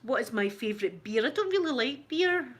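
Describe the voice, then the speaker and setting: Her voice sits on the high side and moves at a brisk clip. This Scottish ASMR YouTuber is answering her livestream chat, telling lively bits of gossip and laughing a great deal as she goes.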